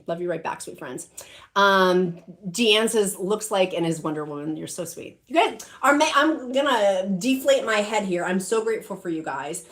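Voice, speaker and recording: Middle-aged woman doing a shopping livestream, emotional and gushy, chatty with lots of fillers, mid pitch. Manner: gushing, emotional, many "like" and "um" fillers. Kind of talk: casual live-stream chat reading comments.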